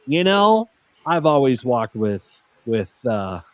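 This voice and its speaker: A man's voice: medium pitch, big pitch swings, slow, no room sound. A man hosting a casual podcast, running down lists of matches with frequent "uh" fillers. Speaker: podcast host. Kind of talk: casual wrestling podcast chat.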